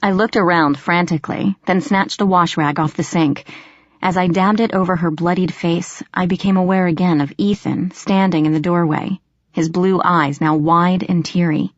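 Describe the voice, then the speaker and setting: A woman reading a first-person audiobook in a measured, tense storytelling manner, in a dull, dry lo-fi recording. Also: fairly low pitch, fairly even intonation, no room sound. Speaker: audiobook narrator.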